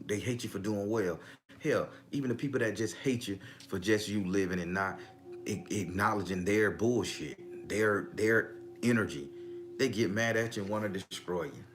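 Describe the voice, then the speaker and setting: Middle-aged guy, kinda low voice, storytelling and preaching, faint background hum. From Southern US. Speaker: spiritual vlogger. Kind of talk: casual spiritual talk.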